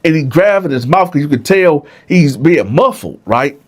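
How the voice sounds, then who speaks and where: A man telling a story in a casual, conversational way, his pitch swinging lively up and down. He keeps checking in with the listeners as he goes. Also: normal speed. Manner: conversational, frequent "right?", addresses listeners.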